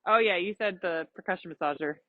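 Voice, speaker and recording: A woman's voice: lowish voice, fast talker, dry recording, narrow, tinny audio. A woman coaching a rider through a lesson, explaining patiently with examples and giving encouragement. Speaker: riding instructor. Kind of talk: live coaching during a riding lesson.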